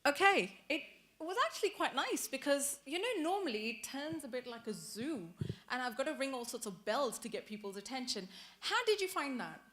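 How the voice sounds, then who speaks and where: A woman teacher leading a training workshop, talking lively and acting out short example dialogues for the group. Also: high-pitched, normal speed. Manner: animated, acts out example dialogues. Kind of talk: workshop presentation.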